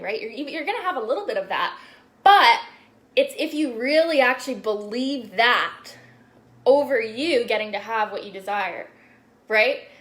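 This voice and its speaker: A woman's voice: a little high, a bit bright. A young woman spiritual coach talking casually on a live stream, chatty and full of "like"s and swearing. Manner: chatty, swears often, many "like"s.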